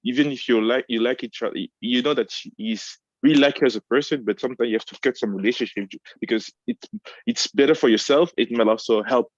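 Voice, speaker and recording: A man co-hosting a casual discussion, talking haltingly, often restarting and searching for words. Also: medium pitch, no echo, dull audio.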